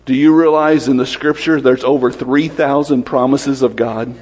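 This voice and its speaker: A man preaching a sermon, quick-fire and lively, often asking questions of the congregation. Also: mid-range voice, breathy edge, long reverb tail.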